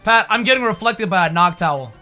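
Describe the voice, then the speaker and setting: A man bantering over a video game, excitable, goofy and teasing his co-host. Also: sits high, fairly quick, music in the background. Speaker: gaming co-host. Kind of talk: casual gameplay banter.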